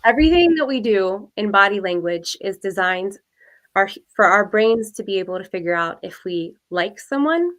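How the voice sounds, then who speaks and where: A woman speaking as a guest coach, giving clear, practical advice in a measured way. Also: mid-range voice, animated, fairly bright tone. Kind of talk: advice in an interview.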